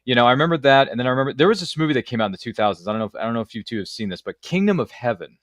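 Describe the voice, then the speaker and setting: A man hosting a book podcast, chatting in an animated, jokey, emphatic way. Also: medium pitch, racing, no echo, clean studio sound. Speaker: podcast host. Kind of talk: enthusiastic casual interview chat.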